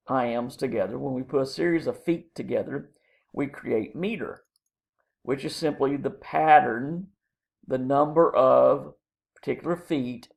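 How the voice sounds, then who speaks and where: Gravelly man lecturing slowly on poetry. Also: medium pitch. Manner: explains terms slowly with many ums and uhs. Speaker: college English instructor.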